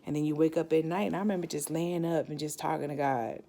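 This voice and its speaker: A woman's voice: sits low, steady tone, fast talker, warm tone. A woman telling her own story as a cancer survivor, reflective and candid, often restarting her sentences. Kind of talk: personal storytelling.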